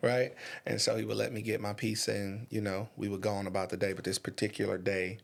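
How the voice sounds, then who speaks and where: A man from Michigan talking as a podcast guest, telling his life story in a lively way, laughing often and repeating phrases for emphasis. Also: lowish voice, fast, vocal fry. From Muskegon Heights, Michigan. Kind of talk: conversational storytelling.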